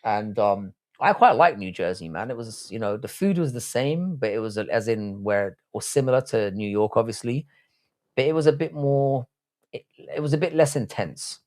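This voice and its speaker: A man's voice: medium pitch, animated, normal speed, darkish tone. A man in his thirties with a South London accent, chatting bluntly and profanely to his live chat while watching fights. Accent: South London English. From England. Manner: profane, blunt, banter reading chat aloud. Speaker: livestream host.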